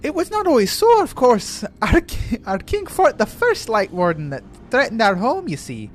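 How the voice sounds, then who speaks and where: Mischievous pixie, put on by a male streamer: British lilt, swooping pitch. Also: huge pitch swings, moderate pace, heavily acted. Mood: storytelling. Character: playful mischievous pixie, high fairy voice. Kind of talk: reading game dialogue aloud on stream.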